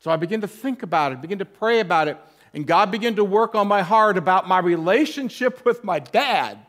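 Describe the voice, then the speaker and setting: Earnest pastor with a higher man's voice. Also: animated, brisk. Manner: candid storytelling with self-deprecating humor; earnest, softening low at emotional points. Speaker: interim pastor. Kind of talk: personal testimony sermon.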